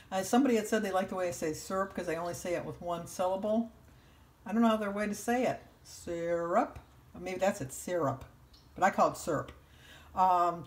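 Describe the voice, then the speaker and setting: An older woman talks to her camera from her home kitchen. She rambles cheerfully, pokes fun at herself and laughs easily, in a mid-pitched everyday voice. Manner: chatty, rambling, self-deprecating, often laughing. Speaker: vlogger. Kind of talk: casual diet vlog chat.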